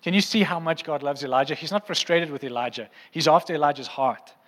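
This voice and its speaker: A man's voice: a little high, quick pace, fairly bright tone, big-room sound. A male preacher giving a conversational sermon who keeps checking in with the congregation. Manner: conversational, asks the crowd often. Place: church hall.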